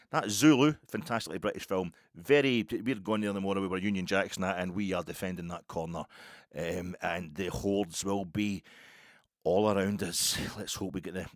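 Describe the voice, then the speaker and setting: A middle-aged Scottish man hosting a football podcast, rambling and animated in a casual solo monologue. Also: sits low, normal speed, no echo, clean studio sound. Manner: rambling, animated, self-interrupting.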